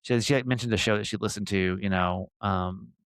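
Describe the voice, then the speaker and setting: A man's voice: fairly low pitch, fairly quick, smooth, dry recording, clean studio sound. A man in his forties hosting a podcast, telling a rambling story with lots of fillers and acting out what people said. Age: 40s. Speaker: podcast host. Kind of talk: casual storytelling chat.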